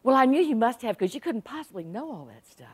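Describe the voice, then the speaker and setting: A woman's voice: a little high, big pitch swings, fast, heavy background noise, pitched above the performer's own voice. A woman quoting her grudging ninety-three-year-old mother-in-law. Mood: backhanded. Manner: backhanded, dry.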